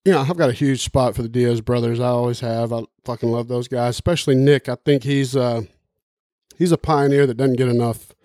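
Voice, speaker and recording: A man talking on a podcast in loose, profanity-laced rambles, with plenty of emphasis and asides. His voice sits at an ordinary middle pitch. The sound is dry and close, with no room around it. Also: steady tone, fairly quick, dark tone, no room sound. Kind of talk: casual podcast chat.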